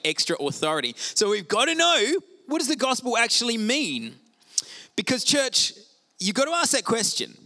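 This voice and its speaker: A middle-aged male pastor preaching a sermon in an animated, conversational way with self-deprecating asides. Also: high voice.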